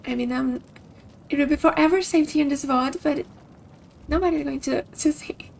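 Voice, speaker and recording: High-voiced chatty woman streamer. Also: moderate pace, creaky, a little hiss or hum. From Brazil. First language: Portuguese. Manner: chatty, upbeat, giggly. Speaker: game streamer. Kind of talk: casual stream chat with game commentary.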